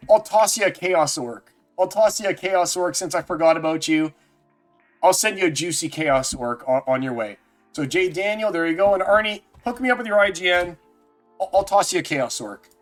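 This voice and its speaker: A man streaming live, chatting casually and jokily with viewers by name. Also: fairly high pitch. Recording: faint music underneath.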